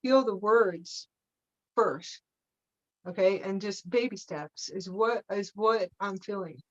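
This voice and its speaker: A woman's voice: mid-range voice, slow. Meandering woman teaching on a lo-fi call. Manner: meandering, checks in with frequent "okay?"; laughs often, playful asides. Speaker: spiritual teacher. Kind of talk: live spiritual teaching session.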